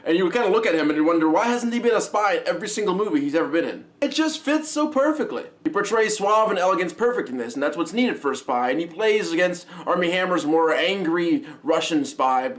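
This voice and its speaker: A man's voice: high-pitched, lively intonation, fast, few pauses. A man hosting his own channel, giving a casual, chatty and enthusiastic movie review. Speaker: film reviewer, channel host.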